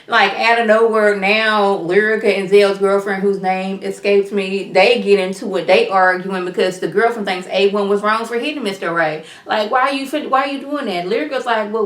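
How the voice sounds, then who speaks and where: Fast-chatting woman recapping in a roomy room. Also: medium pitch, fairly bright tone. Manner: chatty, retells scenes with quoted dialogue; talks fast at times. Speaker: reality TV reviewer. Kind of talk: casual episode recap. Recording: roomy echo.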